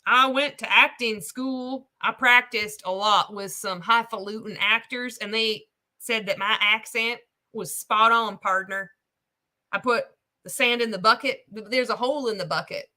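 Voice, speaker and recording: A crusty old male prospector, put on by a woman who mocks him. He drawls and keeps calling the listener son and partner. The voice is bright and sits fairly high. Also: measured pace. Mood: mocking. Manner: mocking drawl, calls people son and partner.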